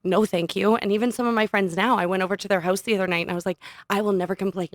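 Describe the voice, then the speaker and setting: A young adult woman, a podcast guest, telling a personal story in an animated, casual way and laughing often. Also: medium pitch, racing, no room sound, studio quality. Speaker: podcast guest, studio owner. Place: podcast studio.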